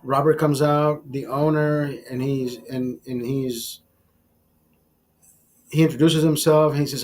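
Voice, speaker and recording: A man's voice: medium pitch, steady tone, unhurried, long pauses, darkish tone. A man hosting a livestream, telling a crude, bitter story with heavy swearing. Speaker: livestream host. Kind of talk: profane storytelling rant.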